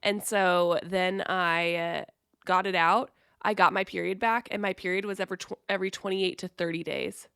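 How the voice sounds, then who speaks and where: A woman with a lowish, gravelly voice talking supportively on a podcast. She shares her own experiences in an easy, reassuring way. The sound is dry and close. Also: fairly even intonation, moderate pace, a bit bright, dry recording. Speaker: podcast co-host and editor. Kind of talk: casual chat.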